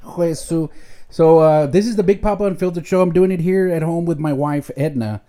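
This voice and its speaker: A man's voice: a little high, moderate pace, warm tone. A middle-aged man hosting a podcast at home, chatting casually in a rambling, joking way with Spanish slang mixed in. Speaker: podcast host. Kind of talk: casual chat.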